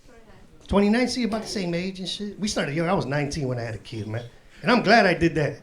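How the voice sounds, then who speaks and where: A man's voice: fairly high pitch, animated, fast talker. A man in his forties doing a stand-up comedy set on a club stage, with loose, profane street talk and laughter through his punchlines. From Chicago south side. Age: 40s. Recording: live club set with crowd noise. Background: audience laughter.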